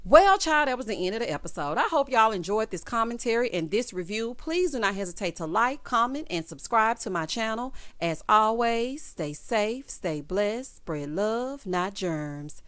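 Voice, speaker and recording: A woman's voice: fairly high pitch, very animated, normal speed, few pauses, fairly bright tone. A young adult woman giving a casual, sassy recap of a reality show, calling her viewers "child" and "honey".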